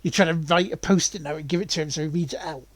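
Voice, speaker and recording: Husky, chatty male game streamer. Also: a little high, fast, dry recording. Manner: chatty, rambling, laughs often, greets viewers. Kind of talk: casual gaming livestream chat.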